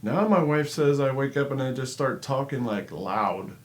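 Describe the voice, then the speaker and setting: A man's voice: mid-range voice, animated, normal speed. Laughing, profane male co-host. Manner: profane, laughs often, acts out quotes. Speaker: show co-host. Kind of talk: casual banter.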